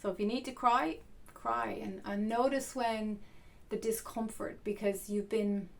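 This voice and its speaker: A woman coach talking softly and earnestly to camera in an unhurried, reflective way. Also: mid-range voice, steady tone, creaky, slight background noise.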